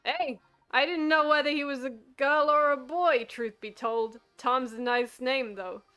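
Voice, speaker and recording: A woman's voice: sits high, measured pace, pushed and bright, clear, resonant tone, soft background music. A woman voicing a sweet, doting wife in a video game. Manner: cooing, sweet.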